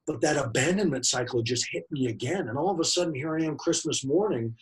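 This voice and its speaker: A man's voice: fairly high pitch, fairly quick, hardly any pauses, poor audio. A man in his late forties giving a personal motivational talk, emphatic and fond of repeating key phrases. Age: late 40s. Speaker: motivational speaker.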